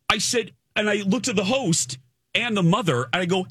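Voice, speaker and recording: A man's voice: high voice, fast, husky, no room sound, clean studio sound. A man hosting a podcast, telling a story in a casual, emphatic and indignant way. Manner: animated, emphatic, indignant retelling.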